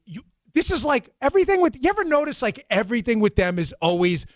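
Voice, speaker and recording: New york guy hosting a talk show, animated and sarcastic, dry studio mic. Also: very high voice, no room sound. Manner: animated, sarcastic, rapid asides. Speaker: host. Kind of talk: political talk show banter.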